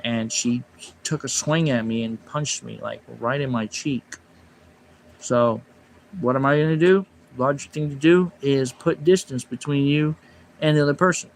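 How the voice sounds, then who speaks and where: A man's voice: mid-range voice, a little hiss or hum. A man livestreaming, telling a long personal story in a rambling, casual way and snapping back at his chat. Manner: rambling, speaks quietly when telling the story, louder and sharper when reacting to chat. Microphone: phone or desk mic on a livestream.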